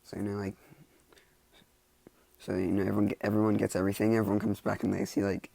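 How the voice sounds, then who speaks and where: A man with a low, deeply gravelly voice rambles casually through a made-up story. His tone is dark and husky, and the dry sound sits close and plain. He keeps stopping and restarting, padding it all with "like" and "you know.". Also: monotone, fast, no echo. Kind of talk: casual storytelling of fan fiction ideas.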